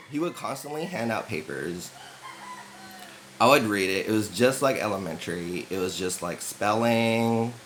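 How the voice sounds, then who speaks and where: A man's voice: on the low side, fairly bright tone, a little hiss or hum, rough recording. A young American man telling a rambling comic story in casual chat, full of "like" fillers and laughs.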